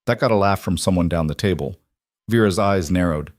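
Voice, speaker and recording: A man reading scripted audiobook narration in a measured, even storytelling manner. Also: sits low, dry recording, clean studio sound.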